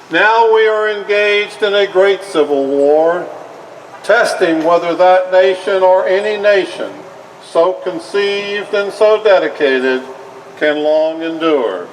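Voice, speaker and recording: Guy playing a solemn 1800s president, slow formal speech, far off mic, faint street noise. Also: high-pitched. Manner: slow, measured, formal oratory. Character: solemn 19th-century American president orating. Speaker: historical reenactor. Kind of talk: reenacted historical speech. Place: outdoor downtown parade.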